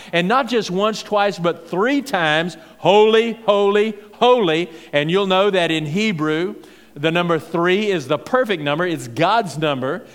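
A man preaching a sermon as pastor, swinging from emphatic, rising declarations to quiet, low asides. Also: long reverb tail.

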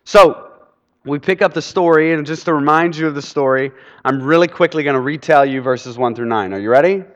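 A man preaching a sermon in an animated way, often quizzing his audience with quick questions. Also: fairly high pitch, highs cut off. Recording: reverberant hall.

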